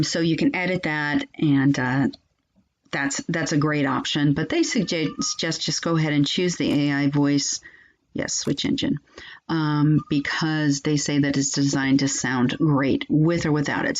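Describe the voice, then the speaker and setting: Woman tutorial host, low voice, chatty and loose, muffled lo-fi sound. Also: moderate pace. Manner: chatty, many ums and restarts. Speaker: software reviewer and channel host. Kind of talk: casual screen-recording walkthrough.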